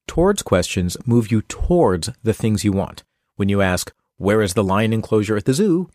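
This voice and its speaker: A man's voice: lowish voice, a little mellow, no echo. Wry middle-aged man reading self-help. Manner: wry, dry humor with playful asides. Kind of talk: scripted self-help narration.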